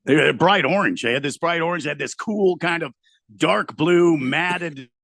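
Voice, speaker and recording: A man co-hosting a sports radio show, excitable and hesitant, with lots of fillers. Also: fairly high pitch, measured pace, gravelly, no echo, studio quality. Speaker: radio co-host. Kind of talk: casual sports talk.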